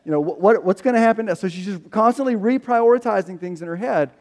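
A man preaching a sermon as a pastor, animated, acting out the voices he quotes. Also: high voice, fast talker. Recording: long hall reverb.

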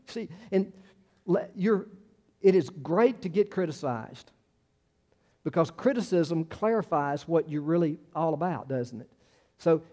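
A man's voice: a little high, warm tone. A male pastor, preaching a conversational sermon full of restarts and acted-out quotes.

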